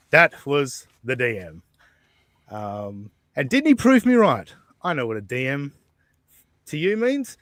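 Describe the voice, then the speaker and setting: A man's voice: mid-range voice, huge pitch swings, measured pace, pauses often, fairly bright tone, no room sound. A man hosting a podcast in casual chat, rambling and swearing freely, with lots of fillers and chuckles. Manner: rambling, profane and laughing, with many fillers. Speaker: podcast host. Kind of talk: casual chat, reading out messages.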